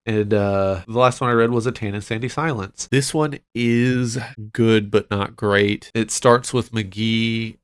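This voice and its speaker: A man hosting a casual book wrap-up vlog, chatty and rambling, with frequent fillers and quick asides. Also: lowish voice, smooth, dry recording, clean studio sound. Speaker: book channel host.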